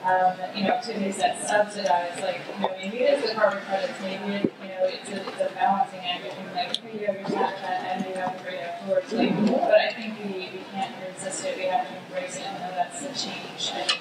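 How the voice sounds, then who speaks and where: A woman's voice: medium pitch, flat delivery, brisk, few pauses. A woman on a conference panel talking casually, using lots of "like". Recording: echoey hall, distant mic, room noise.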